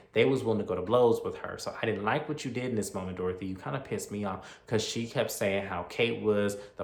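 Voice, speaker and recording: A man giving a casual movie review, retelling the plot in an animated, opinionated, slangy way. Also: fairly low pitch. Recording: roomy echo.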